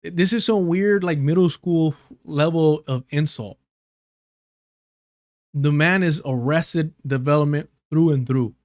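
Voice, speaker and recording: Man, angry stream commentary, heated and repetitive, slightly high voice, dry close sound. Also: takes it slowly, darkish tone, no room sound. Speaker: live stream host reacting to clips.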